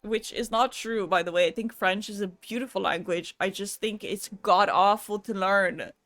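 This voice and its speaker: A woman's voice: mid-range voice, normal speed, a bit bright, dry recording. A woman chatting casually on a live stream, laughing often, swearing now and then and switching between languages.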